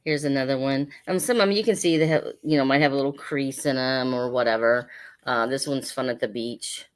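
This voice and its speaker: Low-voiced woman hosting a chatty sale. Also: a little fast. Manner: chatty, rambling, with many fillers. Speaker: online sale host. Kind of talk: casual live sale patter.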